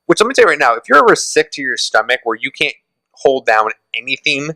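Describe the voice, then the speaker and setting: A man's voice: mid-range voice, very animated, fast talker, sharp tone, dry recording, rough recording. A man co-hosting a casual pop culture podcast, talking animatedly and laughing often. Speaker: podcast co-host. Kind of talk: casual chat.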